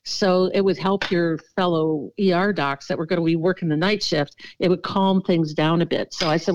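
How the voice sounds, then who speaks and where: A woman's voice: fairly low pitch, moderate pace, muffled recording, a little hiss or hum. A middle-aged woman physician telling stories from her work as an interview guest, acting out the quotes. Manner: animated storyteller, acts out quotes. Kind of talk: storytelling in a podcast interview.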